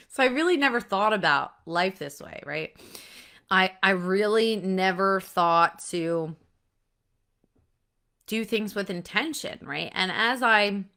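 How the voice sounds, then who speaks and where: A woman's voice: lowish voice, bright, forceful tone. A woman in her thirties, hosting a casual solo talk, chatty and blunt, peppering her talk with "like" and "right?" and the odd swear word. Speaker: podcast host.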